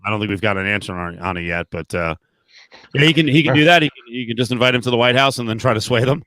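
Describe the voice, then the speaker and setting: A man's voice: medium pitch, fast talker, bright, forceful tone, no echo. A man hosting a podcast, casually reading viewer questions and news headlines. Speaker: podcast host.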